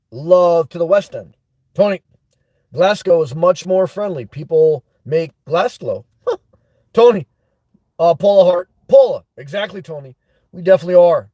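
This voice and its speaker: A man's voice: sits high, warm tone, dry recording. Chatty New man on a livestream. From New York. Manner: chatty, laughs often, reads comments aloud. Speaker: livestream host. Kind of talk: live chat shout-outs.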